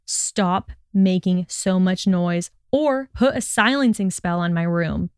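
Sneering young male wizard, read by a woman: slow, forceful growl, louder. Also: mid-range voice, expressive, clean tone, no echo, clean studio sound, natural voice.

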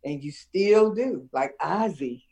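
An older woman, a retired schoolteacher from Chicago, reminiscing in a relaxed conversation and laughing often. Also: fairly low pitch, slow pace, breathy edge. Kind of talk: casual conversation.

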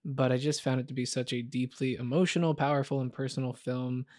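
A man's voice: mid-range voice, flat delivery, brisk, darkish tone, dry recording, clean studio sound. A man co-hosting a podcast, chatting casually and candidly about films, rambling with lots of fillers. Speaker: podcast co-host. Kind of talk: casual film chat.

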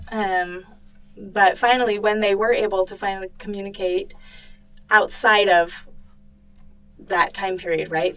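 A woman's voice: mid-range voice, distant mic, rough recording. Woman talking casually, a bit off-mic. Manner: conversational, many fillers and restarts. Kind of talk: casual discussion of a book.

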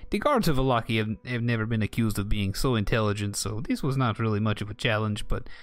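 A man's voice: fairly low pitch, lively intonation, fast talker. A man narrating as game master of a tabletop game, chatty and full of restarts.

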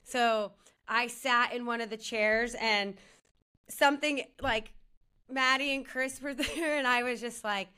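A woman co-hosting a podcast tells a rambling story in casual chat, saying "like" constantly and laughing along the way. Her voice is on the high side, bright, smooth and forceful, with a steady tone and unhurried pace.

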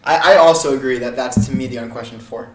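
A man in his twenties co-hosting a podcast in casual chat, chatty and quick to laugh, often restarting his sentences. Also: mid-range voice. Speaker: podcast co-host. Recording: echoey room, faint background noise.

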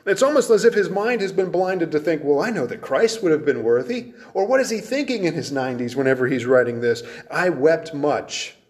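A man preaching an expository sermon, emphatic, repeating phrases, often dropping low and slowing down to stress a point. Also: big pitch swings, a little mellow.

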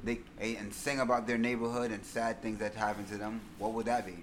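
A man's voice: fairly low pitch, level tone, a little fast. A young man with a New York accent chatting casually, joking, laughing and stumbling over restarts. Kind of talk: casual chat. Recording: background noise.

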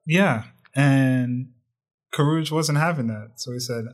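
A man's voice: medium pitch, slow. A man co-hosting a casual movie review chat, telling the plot in a joking, wry way. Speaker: podcast co-host.

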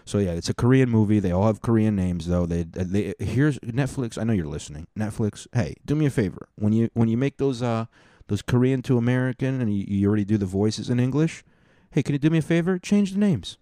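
A man's voice: lowish voice, lively intonation, brisk, mellow, no room sound, studio quality. A man hosting a casual monologue, rambling and swearing through mock rants. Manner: rambling, profane, mock-ranting.

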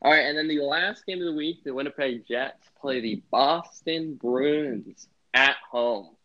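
A young man hosts a casual sports podcast, rambling and leaning heavily on filler words. He speaks at a measured pace with a medium pitch, and the recording sounds muffled and lo-fi.

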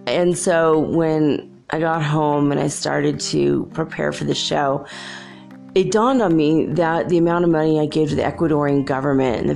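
A woman's voice: sits low, creaky, a little mellow. A woman hosting a show, telling chatty, rambling stories in a casual monologue and laughing often. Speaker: show host.

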